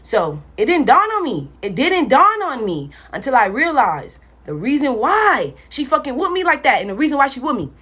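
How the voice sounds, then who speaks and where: A woman's voice: sits high, wildly swooping pitch, normal speed, hardly any pauses, fairly bright tone, slightly rough. A young woman telling a personal story in a casual storytime vlog, blunt and profane, talking straight to her viewers.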